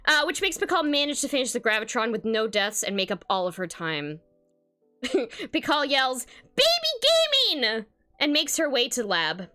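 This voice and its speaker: Giggly woman streamer reading fanfic, high, lively and effusive. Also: moderate pace, faint music behind. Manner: laughs often, gushing and effusive. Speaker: streamer host. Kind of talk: reading fan fiction aloud on stream.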